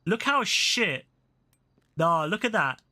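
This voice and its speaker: A man's voice: high-pitched, sing-song, slow, sharp tone. A young man live-streaming a video game, talking casually with lots of swearing and mock-outraged banter.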